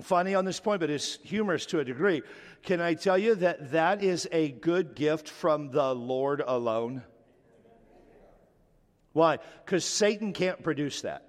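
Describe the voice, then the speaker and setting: A middle-aged man, a pastor, preaching a sermon in a loose, joking, conversational way, often restarting his sentences. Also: on the high side. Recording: long hall reverb.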